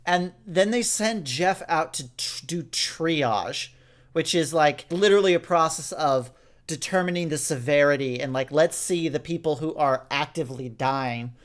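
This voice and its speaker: Young male podcast co-host, casual rambling recap, higher than average pitch. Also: moderate pace. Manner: rambling, frequent restarts and fillers. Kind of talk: casual chat reviewing an audio drama.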